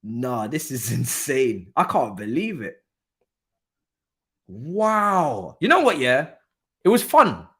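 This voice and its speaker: A man's voice: mid-range voice, sing-song, takes it slowly, long pauses, a bit bright. A man hosting a live football watchalong stream, teasing, swearing and laughing at a rival club's defeat. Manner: swears freely in slangy chat. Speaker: streamer host.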